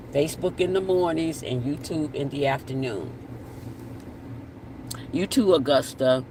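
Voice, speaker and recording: A man's voice: medium pitch, a little mellow, far from the mic. A man chats easily on a live stream, reading out comments and repeating his words for emphasis. He sounds set back from the mic, with faint street and car noise outdoors. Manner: chatty, repeats himself, signs off with blessings.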